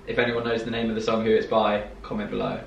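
A man's voice: fairly low pitch, completely flat delivery, quick pace, gravelly, very noisy. A young man from the UK, a guest, bantering casually and joking around. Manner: joking and playful. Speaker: boyfriend guest. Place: room at home. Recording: echoey, distant and a bit dull.

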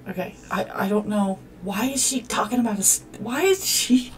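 A woman's voice: mid-range voice, brisk, distant mic. A woman hosting a let's-play, commenting on a life-sim game in a profane, exclamatory way as she talks at the characters. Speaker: gaming channel host.

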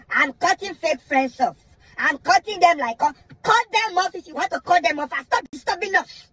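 A woman's voice: very high-pitched, expressive, moderate pace, a bit bright, dry recording. A young woman with a Nigerian accent delivering an angry comic rant to the camera, mocking sayings and firing off rhetorical questions. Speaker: comedy skit creator.

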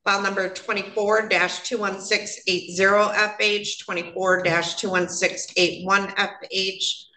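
Bright-voiced woman judge in a roomy courtroom. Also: medium pitch. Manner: plain-spoken, relaxed, with frequent fillers. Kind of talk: courtroom proceedings. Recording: roomy courtroom sound, faint noise.

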